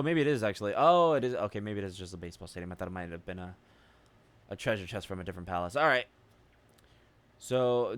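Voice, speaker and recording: A man's voice: lowish voice, no room sound. Rambling man commenting on a game. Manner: rambling, musing aloud with loose fillers; offhand swearing. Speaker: gaming video creator.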